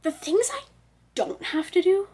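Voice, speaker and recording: A woman's voice: very high-pitched, very animated, a little slow, a little mellow. A woman in her twenties rambling in a casual vlog chat, self-deprecating and talking with frequent "like" and "um" fillers. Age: 20s. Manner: self-deprecating, laughs at herself. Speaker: vlogger.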